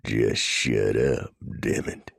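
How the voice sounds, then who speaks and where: A dim, cowardly Texan outlaw growls his threats in a very deep, gravelly drawl with a Texas accent, as a male narrator plays him. The voice is husky and dry, close to the mic in an audiobook. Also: steady tone, a little slow, darkish tone, no room sound, exaggerated voice. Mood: menacing.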